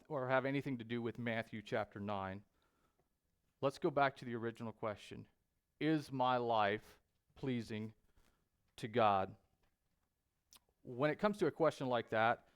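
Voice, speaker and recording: A man preaching a sermon in a church, speaking deliberately with frequent pauses and fillers. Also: medium pitch. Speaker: pastor. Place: church sanctuary.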